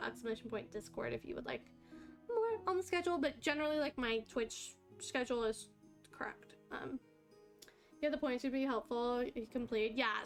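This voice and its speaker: A woman talks to her chat while she plays, thanking followers and reacting loudly when things go her way. Her voice sits high and bright. Faint game music plays in the background. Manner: chatty, excitable, talks to chat while playing. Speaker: streamer. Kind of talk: live game stream chat.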